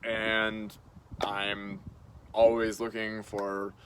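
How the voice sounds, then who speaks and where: Slow, halting low-voiced man. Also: flat delivery, slight background noise. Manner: halting, with many pauses, fillers and restarts. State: groggy and short on sleep. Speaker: video blogger. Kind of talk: casual spoken monologue to camera.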